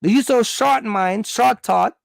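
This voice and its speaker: A man's voice: high voice, measured pace, creaky, no echo. A man from Jamaica, giving a blunt, scolding opinion monologue. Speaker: vlogger.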